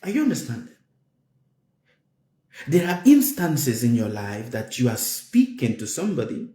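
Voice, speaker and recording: A man delivers a spiritual talk in a roomy, echoing space. His mellow voice swings widely in pitch, rising sharply whenever he stresses a point. He circles back and repeats phrases as he explains. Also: wildly swooping pitch, normal speed. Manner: emphatic, repeats phrases, voice climbs high for stress. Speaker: spiritual teacher. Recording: roomy echo.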